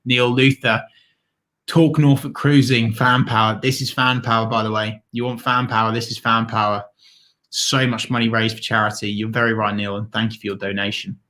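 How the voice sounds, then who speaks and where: Man with a bright, forceful voice and mid pitch, excitable, gushing thanks on a stream. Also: moderate pace. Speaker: livestream co-host reading donations. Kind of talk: casual livestream chat.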